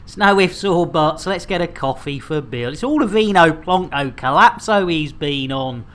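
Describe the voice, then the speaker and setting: Low-pitched with lively intonation, this thirtysomething woman talks at normal speed during a game livestream. Her casual chat rambles and jokes along, stumbling over words and full of fillers.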